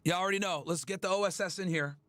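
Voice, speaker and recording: A man hosting a livestream, ranting at his chat in a loud, profane, emphatic way. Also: high voice, fast, no room sound. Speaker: livestream host. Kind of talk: casual livestream rant.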